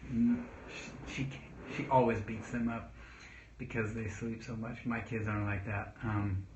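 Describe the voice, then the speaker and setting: Talking to camera, a children's pastor offers relaxed parenting tips in a rambling way, often restarting and calmly acting out example phrases. His voice is fairly low and a little slow, and the audio is roomy and dull with a faint hiss of noise.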